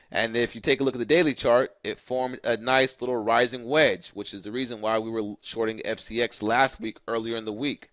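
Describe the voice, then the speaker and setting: A man's voice: mid-range voice, steady tone, normal speed, a bit bright, no room sound. A man giving a casual stock market recap over charts, talking loosely with many fillers and repeated phrases. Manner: loose, repetitive, filler-heavy chart talk. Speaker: market analyst host.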